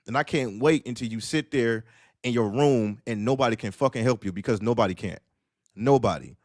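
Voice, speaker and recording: A man's voice: medium pitch, fairly quick, a little mellow, no echo. Blunt, profane man on a dry mic. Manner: blunt, profane, preachy storytelling. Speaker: panelist on a streamed discussion. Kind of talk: casual streamed panel talk.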